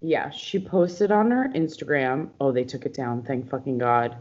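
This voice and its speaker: A woman's voice: rumbling low, animated, moderate pace, a little mellow. A young woman co-hosting a podcast in casual chat, talking with lots of fillers and constant swearing. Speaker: podcast co-host. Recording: dull lo-fi sound.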